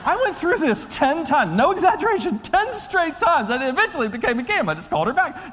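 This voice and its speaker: Pastor guy preaching, kinda high voice, big echoey church hall. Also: fairly quick, few pauses. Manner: conversational, animated storyteller, swings from loud to hushed. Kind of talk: sermon with storytelling. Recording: long hall reverb.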